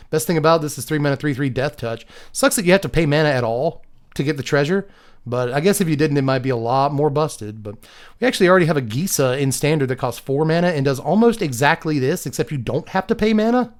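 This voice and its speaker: A young man casually reviewing game cards one after another, thinking aloud and handing out quick number ratings. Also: medium pitch.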